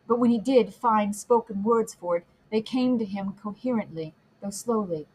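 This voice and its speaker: A woman narrating a classic novel as an audiobook, reading in a measured, expressive way. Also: medium pitch, husky, low-quality recording. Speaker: audiobook reader.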